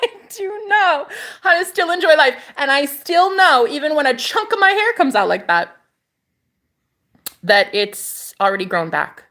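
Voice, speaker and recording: Talking to camera at an unhurried pace, this woman has a high-pitched, pushed, bright voice with big pitch swings. Her spiritual vlog is a casual, sassy, profane monologue where she calls viewers honey and repeats phrases for emphasis.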